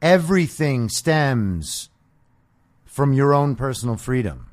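Taking it slowly in a sing-song, medium-pitched voice, a man hosts a political podcast. He delivers a combative, foul-mouthed monologue loaded with sarcastic rhetorical questions.

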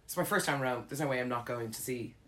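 Irish woman, low voice, chatty anecdote, laughs a lot, rambling storyteller for a chat show. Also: fast. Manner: animated, laughs often, filler-heavy.

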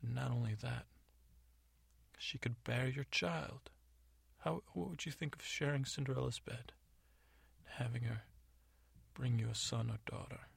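A man's voice: medium pitch, moderate pace, creaky, a bit bright, no echo. A man voicing a scheming, imperious middle-aged stepmother in a storybook, close to his own voice. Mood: hushed, coaxing.

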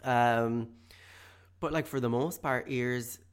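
A man's voice: medium pitch, fairly even intonation, takes it slowly, smooth. Rambling man hosting a podcast. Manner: rambling, hesitant, full of fillers. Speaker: podcast host. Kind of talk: casual solo podcast monologue. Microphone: studio mic with headphones.

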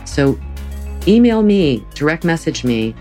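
A yoga teacher speaks to her listeners in a motivational talk. She is earnest and gently urging, and she slows her words down to stress what matters. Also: sits low, big pitch swings, faint music behind.

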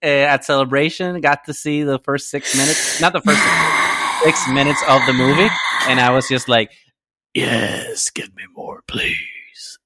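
A man's voice: mid-range voice, steady tone, normal speed, bright, forceful tone. A man co-hosting a podcast in casual chat, enthusiastic and swearing freely. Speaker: podcast co-host. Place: lives in Chicago.

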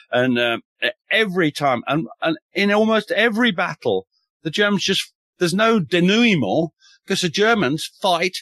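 A man from the north of England, a military historian telling war stories as a podcast guest in a wry, animated way, swearing casually and restarting often. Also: a little high, no echo. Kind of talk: enthusiastic podcast storytelling.

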